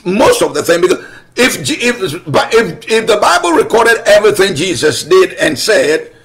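Slow, high-voiced male preacher. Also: fairly bright tone. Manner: emphatic, repetitive preaching with rhetorical questions. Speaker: pastor. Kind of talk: sermon.

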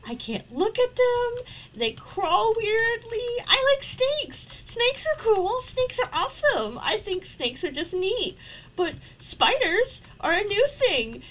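A woman's voice: very high-pitched, big pitch swings, slow, a bit bright, poor audio. A young woman streaming a game, talking casually with nervous, frightened rambling and sudden shrieks. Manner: jittery and frightened, shrieking at spiders, then rambling.

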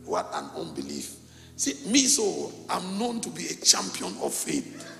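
A middle-aged pastor from Cameroon, preaching a sermon and telling a story with animated, acted-out dialogue in a gravelly voice. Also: male voice, a little high, unhurried, soft background music. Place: church hall. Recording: echoey church hall.

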